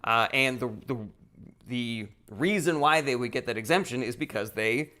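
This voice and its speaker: A man's voice: mid-range voice, normal speed, bright, forceful tone. A man hosting a casual livestream, reading viewer comments aloud and answering in a blunt, profane rant. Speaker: livestream host answering chat.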